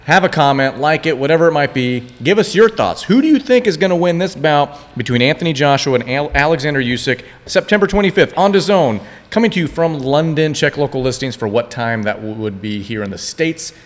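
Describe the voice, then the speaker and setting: A man's voice: fairly high pitch, animated, fairly quick, few pauses, long reverb tail. A man co-hosting a casual podcast, joking and moving the show along. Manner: joking, upbeat presenter. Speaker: podcast co-host. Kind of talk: casual chat.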